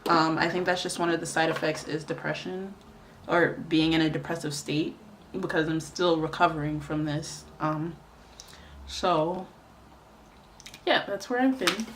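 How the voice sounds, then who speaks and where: A woman's voice: low voice, unhurried, a little hiss or hum. A young woman telling a rambling story in casual chat while doing her makeup, with lots of fillers. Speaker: beauty vlogger.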